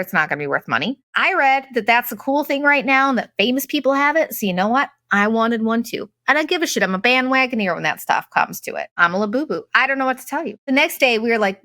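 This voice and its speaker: A woman's voice: on the high side, animated, a little fast, sharp tone, no room sound, clean studio sound. A middle-aged woman hosting a podcast, telling travel stories in a rambling, sarcastic, chatty way full of "like". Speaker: podcast host. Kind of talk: casual storytelling monologue.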